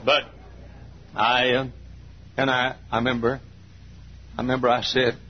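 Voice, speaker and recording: A man in his sixties preaching a sermon in church. He tells folksy stories and swells into fervent near-shouting. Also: medium pitch, level tone, a little slow, slightly rough. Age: 60s. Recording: dull lo-fi sermon recording.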